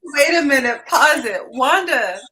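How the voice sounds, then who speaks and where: A woman's voice: high-pitched, animated, unhurried. A woman co-hosting a casual gossip chat in a joking way. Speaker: co-host. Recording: crowd noise behind.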